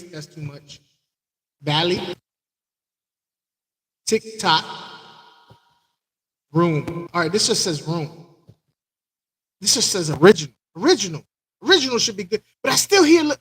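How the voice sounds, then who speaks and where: A man's voice: sits high, sing-song, a little slow, long pauses, fairly bright tone, slightly rough, no echo, low-quality recording. A man hosting a live stream, chatting loosely with viewers, rambling and repeating himself as he greets them by name. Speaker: aquarium channel host.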